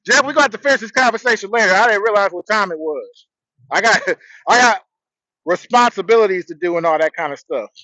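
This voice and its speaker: A man's voice: sits high, lively intonation, fast, bright, forceful tone, dry recording, muffled recording. A man hosting a casual livestream from his truck on a headset, rambling in a laid-back way and greeting viewers. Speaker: livestream host. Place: outdoors, in a truck.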